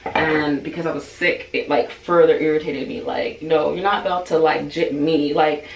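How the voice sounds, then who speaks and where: A woman's voice: low-pitched, steady tone, moderate pace, muffled recording. Chatty woman vlogger in a roomy space. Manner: chatty, heavy use of "like", acts out quoted dialogue. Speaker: beauty vlogger. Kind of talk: casual storytime. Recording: roomy sound, distant mic, faint noise.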